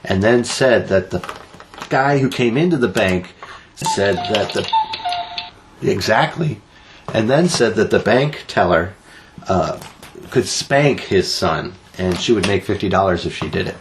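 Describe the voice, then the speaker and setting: A man's voice: fairly low pitch, lively intonation, measured pace, slight background noise. A man co-hosting a casual podcast, joking his way through odd news stories with plenty of teasing. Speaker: podcast co-host.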